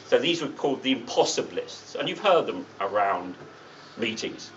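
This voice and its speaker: A man's voice: mid-range voice, lively intonation, moderate pace, far from the mic. A middle-aged man addresses a meeting, blunt and wry, dropping sardonic asides between his points. He sounds set back from the microphone, and the sound is dull. A faint hiss sits under his voice. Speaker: guest speaker at a political meeting. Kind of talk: political speech. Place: meeting room.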